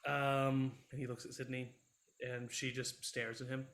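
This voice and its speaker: A man narrating as game master of a tabletop game, relaxed and laughing easily, with frequent fillers. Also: mid-range voice, a little slow.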